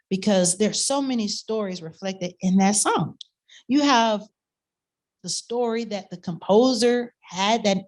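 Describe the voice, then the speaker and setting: A woman's voice: medium pitch, darkish tone. A woman giving a reflective, personal talk about storytelling and music to an audience.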